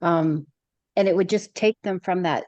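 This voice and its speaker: A woman's voice: fairly low pitch, moderate pace, darkish tone, dry recording. A middle-aged woman hosting a podcast, enthusiastic and affirming toward her guest. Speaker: podcast host. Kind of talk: conversational interview.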